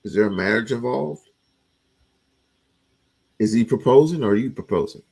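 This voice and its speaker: Husky gravelly man asking quick questions. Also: medium pitch, lively intonation, darkish tone, rough recording. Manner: quick questions, repeats and restarts. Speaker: talk show host. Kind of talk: casual debate chat.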